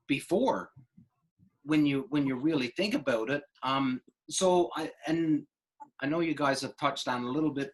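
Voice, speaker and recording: A man hosting a podcast, asking long, loose questions full of fillers. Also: on the high side. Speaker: podcast host. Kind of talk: casual podcast chat.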